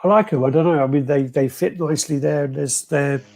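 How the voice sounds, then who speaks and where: A man's voice: on the high side, steady tone, a little fast, creaky, mellow. A man hosting a casual live stream, reading out viewer comments with a laid-back, swearing manner. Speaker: host.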